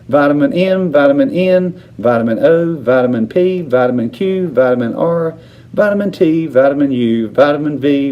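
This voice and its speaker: A man reading a children's novel aloud, narrating with expressive intonation. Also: medium pitch, highs cut off. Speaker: reader. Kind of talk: storybook read-aloud narration.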